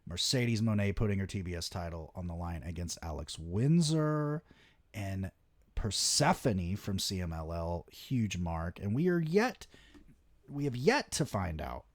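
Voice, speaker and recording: A young man hosting a wrestling show, ranting excitedly in casual solo commentary with lots of swearing. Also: sits low, a little slow, dry recording. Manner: excitable, heavy swearing, animated rants.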